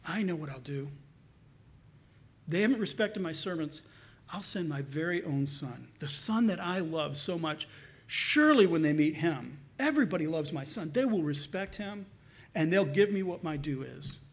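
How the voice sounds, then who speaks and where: A calm, fatherly vineyard owner speaks in a gentle, earnest tone, as a preacher puts him on in a slightly lower voice. He is an older man telling a parable from the pulpit. The delivery stays soft and steady. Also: moderate pace. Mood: hopeful.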